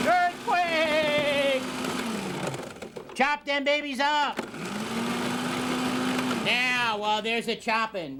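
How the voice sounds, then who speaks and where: A man's voice: high voice, background noise. A man hosting a cable TV cooking show in a studio kitchen, talking in a folksy, hammy, exuberant showman way.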